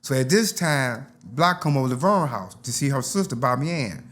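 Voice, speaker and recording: A man's voice: medium pitch, expressive, moderate pace, fairly bright tone. An older man, telling stories from his youth in a casual interview and acting out the voices. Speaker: interview guest.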